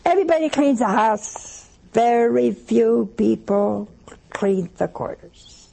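Woman, sermon, gravelly, warm mellow tone, humorous storytelling, slow emphatic phrasing. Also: on the high side. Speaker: religious speaker.

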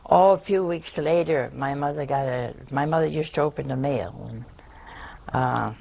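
An older woman telling a personal story in a slow, wry, deliberate way. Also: very deep voice, vocal fry, warm tone.

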